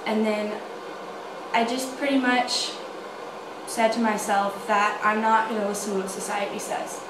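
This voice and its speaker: A woman's voice: mid-range voice, little pitch movement, a little slow. A young woman speaking earnestly and firmly about her own experience. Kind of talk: casual personal testimony. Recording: echoey room with clear noise.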